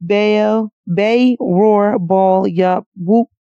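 A woman's voice: medium pitch, extremely slow, mellow, smooth, dry recording. A woman co-hosting a podcast, pressing her partner with pointed questions and laughing often. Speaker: podcast co-host. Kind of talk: casual argumentative chat. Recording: dull, dry lo-fi mic.

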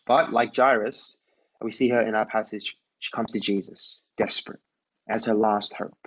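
A man's voice: on the low side, fairly even intonation, moderate pace, a bit bright, highs cut off. A man preaching a conversational sermon. He tells a Bible story and often asks his listeners to imagine the scene.

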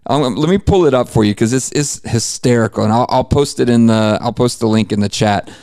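A man's voice: mid-range voice, a little fast, a little mellow, dry recording, clean studio sound. A man co-hosting a live podcast, telling stories in a laid-back way and often repeating words as he talks. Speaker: podcast co-host. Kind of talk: casual live podcast chat.

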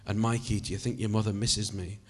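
A rambling, self-pitying older dad, as a man puts him on talks. The voice is low and a little husky. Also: flat delivery, brisk, natural voice.

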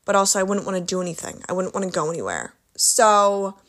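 A young woman talks into her podcast mic in a loose, candid ramble. She keeps saying "like" and stops to correct herself, and her voice sits at an ordinary middle pitch. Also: sing-song, fast talker, a bit bright. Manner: chatty, candid, self-interrupting with filler "like". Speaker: podcast host. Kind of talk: casual solo podcast.

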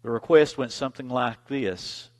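A male preacher reading scripture and telling a story in a sermon, with dramatic swings in loudness. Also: medium pitch, normal speed. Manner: dramatic, dynamic delivery, big swings in loudness.

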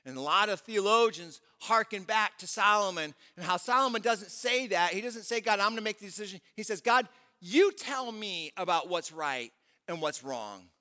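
A man's voice: sits high, expressive, moderate pace, bright, forceful tone. A man preaching a sermon as pastor, talking conversationally, asking the congregation questions and acting out quoted prayers. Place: church auditorium. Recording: long church hall reverb.

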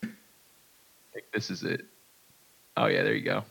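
Bright-voiced easygoing man. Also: moderate pace. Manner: easygoing, laughing, rambling. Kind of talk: casual group voice chat.

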